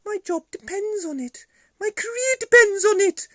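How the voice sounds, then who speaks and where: A man's voice: normal speed, bright, forceful tone, dry recording, studio quality. A man voicing a whiny little toy figure, a male who pleads shrilly about his job. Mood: pleading, indignant. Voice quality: high, strained, pleading.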